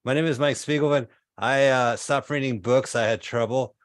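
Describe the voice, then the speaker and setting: Fifties male comic, mid-pitched, deadpan delivery of absurd jokes over a video call. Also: normal speed, no echo, clean studio sound. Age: 50s. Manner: deadpan absurd one-liners. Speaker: stand-up comedian. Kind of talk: stand-up set.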